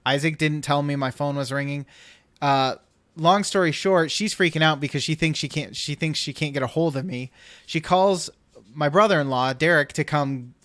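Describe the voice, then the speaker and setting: A man's voice: on the high side, a bit bright, no room sound. A man hosting a podcast, telling a long rambling anecdote in casual chat and acting out what people said. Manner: rambling storyteller, acts out quotes. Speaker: podcast host.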